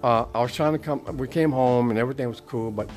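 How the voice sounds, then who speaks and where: A man's voice: medium pitch, fast, soft background music. A middle-aged man giving a casual, profane rant as a podcast host, swearing constantly and getting worked up. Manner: swears constantly, ranting and animated.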